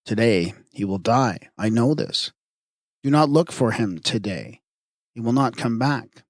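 A man reading the part of a young woman who speaks gravely and with certainty. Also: medium pitch, lively intonation, measured pace, no room sound, clean studio sound. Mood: foreboding.

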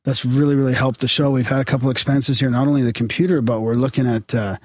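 A man's voice: medium pitch, steady tone, fast, no echo. A man co-hosting a podcast, casually reading listener emails aloud with chuckles and restarts. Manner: laid-back, reads aloud with chuckles and restarts.

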